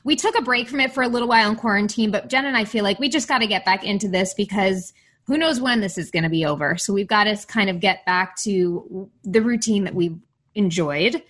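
Husky-voiced chatty mom co-host. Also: female voice, medium pitch, brisk, a bit bright. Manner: chatty, candid, lots of "like". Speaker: podcast co-host. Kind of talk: casual chat over video call.

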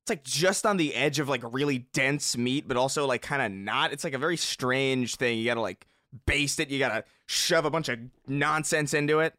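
A man talking casually on a podcast, rambling and meandering through his points with constant filler words. His voice sits at an ordinary middle pitch. The recording is dry and close. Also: normal speed, pushed and bright, no echo. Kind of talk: casual chat.

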